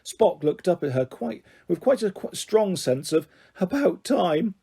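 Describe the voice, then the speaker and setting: A man narrating a children's novel aloud in an expressive read-aloud style. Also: a little high, moderate pace, gravelly, husky. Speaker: audiobook reader. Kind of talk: storybook narration.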